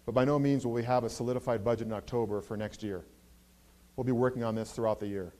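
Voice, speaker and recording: A man's voice: medium pitch, warm tone. A man speaking as a university president, answering audience questions earnestly with frequent hesitations. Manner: earnest, halting with many fillers. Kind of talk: Q&A answers at a campus address. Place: university event hall.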